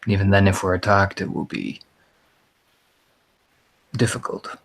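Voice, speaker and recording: A man's voice: low voice, steady tone, measured pace. A man playing a tabletop game, speaking hesitantly and correcting himself as he goes. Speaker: player.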